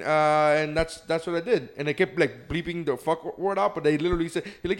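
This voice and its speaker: A young man talks over friends in a loose, casual chat, his voice sitting a bit high for a man. He curses freely and tells stories with eager, laughing energy. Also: quick pace. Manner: excitable, swearing, laughing storyteller.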